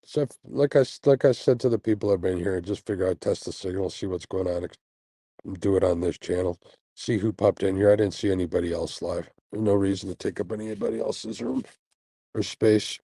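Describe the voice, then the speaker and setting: This fishing-channel host is livestreaming casually, going through viewer comments in a laid-back, chatty manner with lots of fillers and small laughs, yawning and sleepy after not sleeping all night. His low, gravelly, dark voice is animated, brisk, and slightly rough. The low-quality recording comes from a phone's earbuds mic, with no echo.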